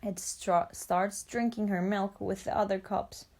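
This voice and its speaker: Slow, deliberate woman storyteller. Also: mid-range voice, fairly even intonation, a little mellow. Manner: clear, deliberate reading. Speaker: narrator. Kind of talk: graded-reader storybook narration.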